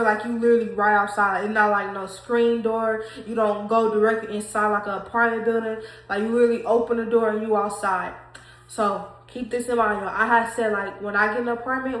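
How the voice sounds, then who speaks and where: A woman's voice: medium pitch, a bit bright. A young woman telling a faith testimony to her viewers, emotional and talking straight to them, repeating herself. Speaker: vlogger sharing a faith testimony. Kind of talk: casual testimony vlog. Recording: echoey room.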